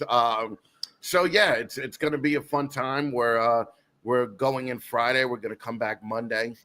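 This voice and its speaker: A man's voice: medium pitch, steady tone, normal speed, pushed and bright. A man guest hosting a casual podcast, telling a rambling story full of restarts and laughter. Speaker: guest host.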